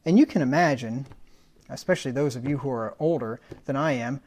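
A man's voice: mid-range voice, fairly quick, darkish tone. Folksy conversational male preacher. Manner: conversational teaching, defines words, folksy humorous asides. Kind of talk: sermon.

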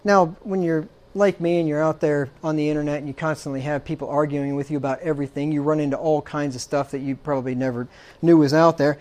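A man's voice: on the high side, steady tone, fast talker, a little mellow. A man preaching a sermon, emphatic, checking in with frequent rhetorical questions and dropping dry, sarcastic asides.

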